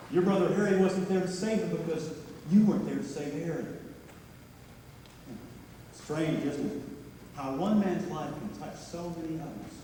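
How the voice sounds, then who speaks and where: A stage actor playing a calm, wry guardian angel in a live play. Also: male voice, a little high, slight background noise, close to an everyday voice. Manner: calm, wry and gently knowing. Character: gentle guardian angel, male, earning wings. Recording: echoey hall miked from far.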